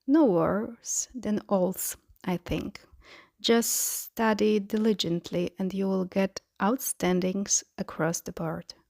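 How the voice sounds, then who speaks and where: A woman reading the lines of a gentle, encouraging young man who gives friendly advice. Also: medium pitch, steady tone, slow, gravelly, no room sound, studio quality.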